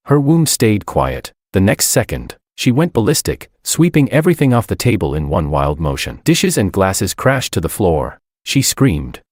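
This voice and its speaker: A man calmly narrating a dramatic first-person story in a cool, sardonic way. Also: low-pitched, normal speed, few pauses, dry recording, clean studio sound.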